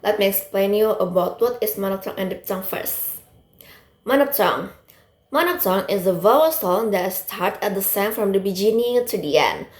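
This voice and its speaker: A woman's voice: medium pitch, animated, normal speed. A young woman giving a classroom presentation, explaining plainly with hesitant fillers. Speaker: student presenter. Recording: roomy echo.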